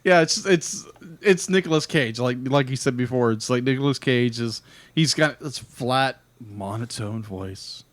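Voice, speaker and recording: A man's voice: mid-range voice, moderate pace, no room sound. A man co-hosting a podcast, chatting casually and playfully about a movie with frequent laughter. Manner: playful, laughs often, lively swings. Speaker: podcast co-host. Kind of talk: casual movie review chat.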